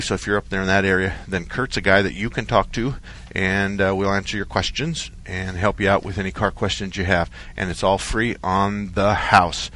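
Chatty lower-voiced radio host, a man. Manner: rambling storyteller, relaxed and chatty. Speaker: radio car-advice show host. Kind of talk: call-in radio chat. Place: radio studio.

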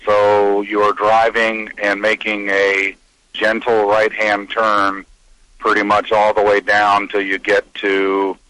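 Male caller, lowish flat voice, bright, hesitant, thinks out loud. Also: slow, dry recording, rough recording. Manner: hesitant, reasoning step by step. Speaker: caller, riddle contestant. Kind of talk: phone-in answer.

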